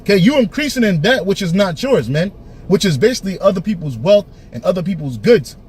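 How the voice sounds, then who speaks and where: A man teaching and preaching in a forceful, emphatic way, often tagging his lines with "man" and restarting phrases. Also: high voice, big pitch swings, a little fast, a little hiss or hum. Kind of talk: preaching street-style commentary.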